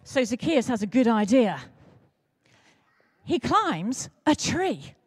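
Animated woman telling a children's sermon. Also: on the high side, slow pace, husky. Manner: animated, playful, speaks directly to the children. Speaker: preacher at an all-age church service. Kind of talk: lively storytelling sermon for children and adults. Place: church.

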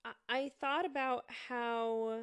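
Woman commentator, reflective and hesitant, measured slow pace, smooth tone. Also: on the high side, steady tone. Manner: thoughtful, halting, with many fillers and restarts. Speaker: commentator reviewing a show. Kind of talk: casual spoken commentary.

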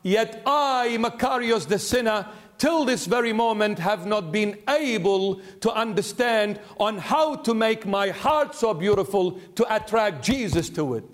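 A man's voice: sits high, expressive, unhurried, hardly any pauses. A man voicing a humble, tearful old monk. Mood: sorrowful.

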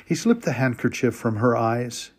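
A man reads a story aloud with slow, emotional weight and long pauses. His voice sits at an ordinary middle pitch. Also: sing-song, a little mellow, breathy edge. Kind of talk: dramatic story reading.

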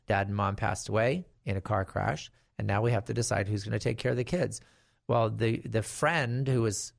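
In a studio-quality recording with no echo, a middle-aged estate planning attorney talks viewers through guardianship. His mid-range voice has vocal fry, and he tells it in a conversational, story-like way, punctuated by emphatic warnings.

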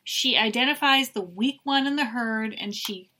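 A woman's voice: fairly high pitch, moderate pace, pushed and bright. A middle-aged woman co-hosting a podcast, chatting casually and giving opinionated recaps read from her notes. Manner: chatty, opinionated, reads from notes, bursts into dramatic impressions. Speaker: podcast co-host recapping a reality show. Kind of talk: casual chat.

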